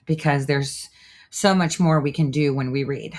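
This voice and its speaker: A woman's voice: low voice, steady tone, measured pace, a little mellow. A woman hosting a livestream show in a casual, chatty way, often trailing off while she works her screen. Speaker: show host.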